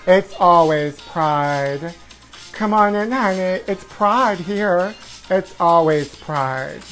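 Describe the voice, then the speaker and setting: In a campy comedic livestream bit, a man plays a self-absorbed woman who hosts a trashy tabloid talk show, full of gossip. He drawls "honey" at everyone and bursts into whooping shrieks. His high, fairly bright voice moves slowly, with faint music in the background.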